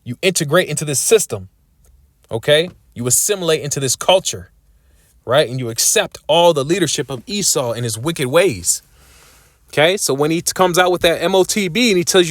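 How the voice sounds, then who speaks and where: A man's voice: fairly high pitch, lively intonation, fairly quick, dry recording, studio quality. A man preaching a sermon in an emphatic style, often adding tag questions as he goes.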